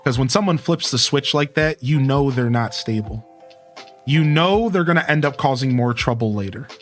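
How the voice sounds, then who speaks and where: A man's voice: medium pitch, expressive, moderate pace. A laid-back male streamer in casual conversation with his chat, speaking in an easygoing, friendly way. He talks directly to his viewers while faint music plays underneath.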